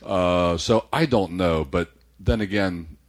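An older man from the United States, chatting about books in an easygoing, meandering way. His voice sits very low. He pauses to read a short passage aloud now and then. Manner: relaxed, rambling storyteller who reads passages aloud. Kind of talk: casual chat about books.

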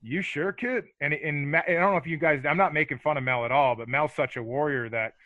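A man's voice: a little high, fairly even intonation, fast talker, pushed and bright, no echo. A middle-aged man, a former hockey fighter, telling rambling, profane stories as a podcast guest and laughing as he goes. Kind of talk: casual storytelling interview. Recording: dull lo-fi dry sound.

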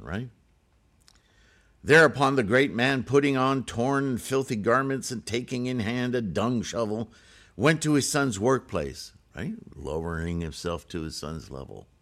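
A man reading a Buddhist scripture aloud and breaking off into casual spoken commentary with frequent "right?" asides. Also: fairly low pitch.

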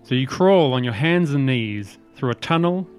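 Guy game master narrating scenes, steady, laughs a bit at the players. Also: medium pitch, moderate pace, clear, resonant tone, soft background music.

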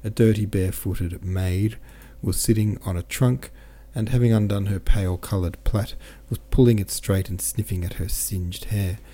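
A man narrating an audiobook in a steady, measured way. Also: lowish voice. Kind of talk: audiobook reading.

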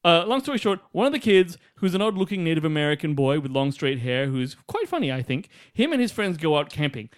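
A man co-hosting a casual film review chat, excitable and profane, often cutting off his co-host. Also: on the high side, fast talker, few pauses. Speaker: podcast co-host reviewing films.

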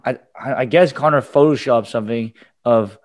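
A man's voice: mid-range voice, normal speed. Filler-heavy man in casual sports chat. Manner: filler-heavy, hesitant, lots of "like".

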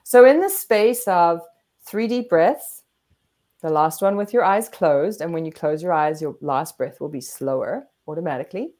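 An animated woman therapist walks listeners through calming techniques on a podcast. Her voice sits fairly low for a woman, and she brings each step to life by acting it out. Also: moderate pace. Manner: animated, demonstrates breathing and acts out inner voices. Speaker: guest therapist. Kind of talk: explaining coping techniques on a podcast.

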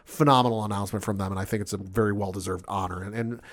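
A male podcast host recaps sports and gaming news in a casual, enthusiastic, rambling chat full of fillers. His voice is on the low side, steady in tone, and rapid-fire.

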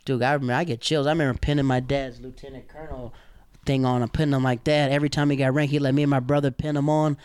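A young man from the American South telling animated, slangy stories in casual chat, acting out the people he quotes. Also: medium pitch, fast talker, clean tone, dry recording.

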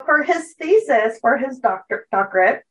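A woman co-hosting a podcast, telling a true story casually from her notes, with many fillers and quick self-corrections. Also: high voice, expressive, a bit bright, distant mic, low-quality recording.

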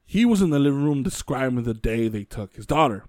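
A man hosting a casual podcast, retelling a true-crime story in a loose, filler-heavy way with quick acted quotes. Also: mid-range voice, lively intonation, darkish tone, dry recording. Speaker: podcast host telling the case.

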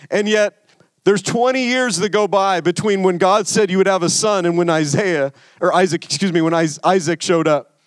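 A man's voice: sits high, no room sound. A man pastor delivering a sermon in a conversational way, often stammering and repeating words.

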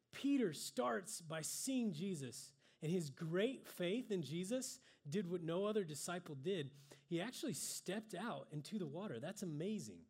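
A man's voice: mid-range voice, husky. Guy giving a laid-back sermon, drawing stuff on a board, laughs at himself. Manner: conversational, self-deprecating with laughs. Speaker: preacher.

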